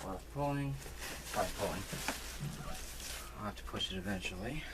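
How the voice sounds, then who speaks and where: Man, home crafting vlogger, low voice, rambling and self-mocking, noticeable background noise. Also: moderate pace. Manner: rambling, full of fillers and restarts; self-deprecating. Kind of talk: casual rambling vlog. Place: room at home. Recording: noisy home recording.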